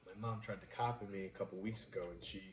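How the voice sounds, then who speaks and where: A man's voice: on the low side, fairly even intonation, fast, crowd noise. A young man chatting casually with viewers on a livestream, blunt and swearing freely as he tells a kitchen story. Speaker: livestream co-host.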